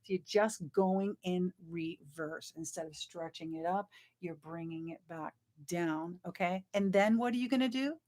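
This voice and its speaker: A woman's voice: on the low side, measured pace, a little mellow. A woman vocal coach teaching a live online singing class in a chatty, encouraging way, breaking off to sing short demonstration sounds.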